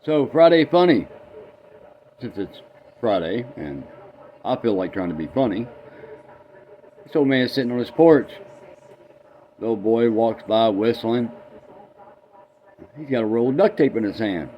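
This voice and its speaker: A man's voice: mid-range voice, animated, measured pace, long pauses, dull audio, slight background noise. A man, rambling folksy and self-deprecating as he tells a joke in a casual vlog from his garage. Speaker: vlogger.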